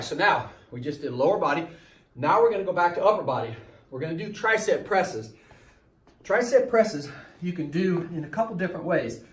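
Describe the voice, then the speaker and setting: A man's voice: fairly high pitch, distant mic. Slightly winded male fitness trainer, echoey room. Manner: coaching, repetitive cues, demonstrating as he talks. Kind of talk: workout instruction while exercising.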